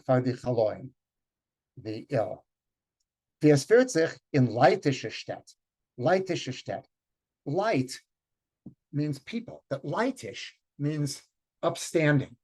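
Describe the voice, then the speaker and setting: A man's voice: a little high, darkish tone, husky. An older man leading a community reading, who reads Yiddish lines and explains words step by step in an informal lecture, thinking aloud with fillers. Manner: switches between English and read Yiddish lines.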